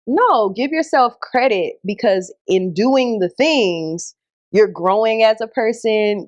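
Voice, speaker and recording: A woman's voice: mid-range voice, no echo, muffled recording. A female guest telling a personal story in casual chat, acting out other people's lines as she goes. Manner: storytelling, quoting others in her own voice.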